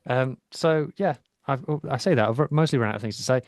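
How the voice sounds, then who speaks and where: Rugby is the topic as this male podcast co-host rambles eagerly through a long casual sports chat, full of ums. His medium-pitched voice is darkish and fairly quick, with a dry, clean studio sound.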